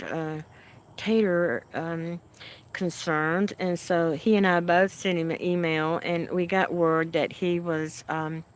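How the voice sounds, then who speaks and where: Slow-talking, homey woman chatting with viewers. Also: fairly low pitch. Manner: unhurried and homey, answering chat comments with frequent soft laughs. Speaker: livestream host. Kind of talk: casual chat with viewers.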